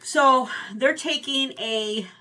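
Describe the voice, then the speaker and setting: Bright-voiced chatty woman in her fifties. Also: sits high, slow pace. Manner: chatty, rambling, animated with self-corrections. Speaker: book vlogger. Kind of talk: casual book review chat.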